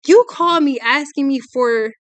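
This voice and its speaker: A woman's voice: high voice, unhurried, no room sound. A young adult woman, giving a ranting tarot reading in a blunt, exasperated, profane way. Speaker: tarot reader.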